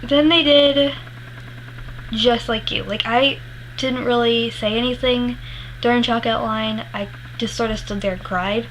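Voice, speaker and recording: Young woman, slightly high voice, a candid vlogger who rambles and swears. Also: fairly even intonation, measured pace, fairly bright tone, a little hiss or hum, low-quality recording. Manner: candid, rambling, swears freely, laughs often. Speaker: music vlogger. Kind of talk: casual storytelling vlog.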